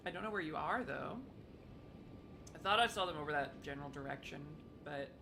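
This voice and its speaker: Chatty streamer over steady background noise. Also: mid-range voice. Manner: chatty, apologetic, quick to laugh. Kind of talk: casual live gameplay commentary.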